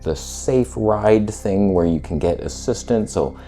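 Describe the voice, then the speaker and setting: Unhurried and fairly low-pitched, a male vlogger recounts a story in relaxed slang, swearing now and then. He brings the retelling to life by performing each quoted voice. Faint music can be heard behind him.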